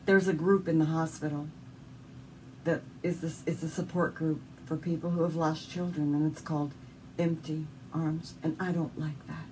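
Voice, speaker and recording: A woman's voice: low voice, steady tone, moderate pace, mellow, recorded from a distance, slight background noise, poor audio. A woman with a Southern US accent sharing an earnest, emotional personal faith testimony as an interview guest.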